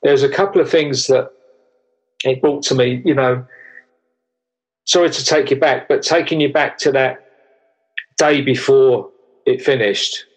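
Husky older man, halting speech. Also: mid-range voice, poor audio. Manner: halting, with many restarts and fillers, earnest. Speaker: interviewer. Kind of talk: interview conversation.

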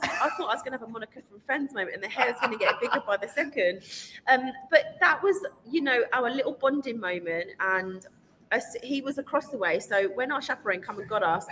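Woman, fairly high voice, animated storytelling, casual chat, echoey room, light background noise. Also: a little fast. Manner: lively storyteller, laughing often. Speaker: podcast guest. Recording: roomy reverb with faint noise.

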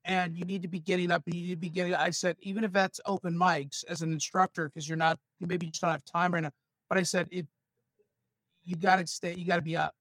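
A male stand-up comedian from Los Angeles, telling stories with animated asides in a casual podcast chat. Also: sits high, quick pace, dry recording. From San Fernando Valley, Los Angeles.

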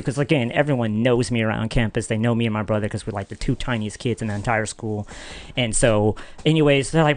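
A young man, a podcast guest, telling a story in casual chat, animated, jumping into high dramatic voices for the people in it. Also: a little fast, no room sound.

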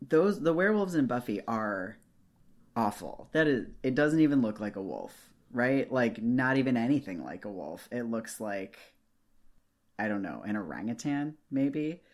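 A woman co-hosting a casual book discussion podcast, musing in a wry, unhurried way. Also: very deep voice, sing-song, a little mellow. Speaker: podcast co-host.

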